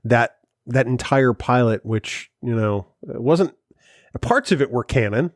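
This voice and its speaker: A man co-hosting a casual podcast chat, upbeat and running quick promo plugs. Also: mid-range voice, expressive, no room sound, studio quality. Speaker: podcast co-host.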